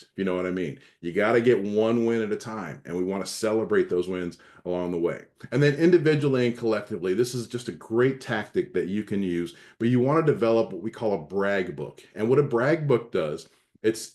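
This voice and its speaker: A man's voice: fairly low pitch, a little mellow. A middle-aged man, a leadership coach, presenting a recorded training session in an earnest, emphatic way, often restarting and repeating words.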